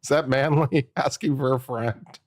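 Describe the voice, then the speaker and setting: A man's voice: mid-range voice, fairly even intonation, moderate pace, a little mellow, dry recording, studio quality. Chatty man musing on a live stream. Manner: chatty, jokey, muses aloud and repeats himself. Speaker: attorney commentator. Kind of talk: casual live-stream commentary.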